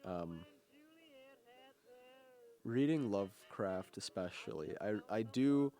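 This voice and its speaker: A man's voice: lowish voice, lively intonation, slow pace, warm tone, soft background music. A young man hosting a college radio show, chatting casually and rambling with lots of fillers and restarts. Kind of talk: casual on-air chat.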